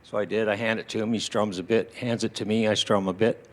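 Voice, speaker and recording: A man's voice: fairly low pitch, fast. A man in his sixties telling personal stories to an audience at a small indoor venue, acting out what his relatives said. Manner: animated, acts out shouted quotes of relatives. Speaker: storyteller at a tribute evening.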